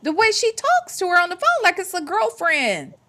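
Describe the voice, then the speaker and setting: A woman's voice: very high voice, wildly swooping pitch, moderate pace, sharp tone. A woman hosting a casual livestream commentary, sassy and emphatic, with slangy talk and playful repetition. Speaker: show host.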